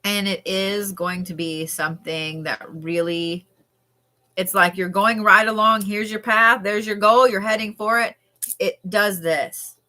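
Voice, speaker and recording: Bright, chatty woman with a drawl, live tarot reader, animated and casual. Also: medium pitch, unhurried. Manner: chatty and animated, with frequent laughs and yawns. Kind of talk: live-stream card reading.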